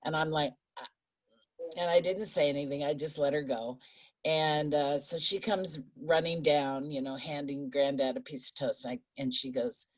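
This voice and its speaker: A woman's voice: sits low, fairly even intonation, normal speed. A woman in her fifties telling a family story on a video call, chatty and full of quoted voices. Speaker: book study group member.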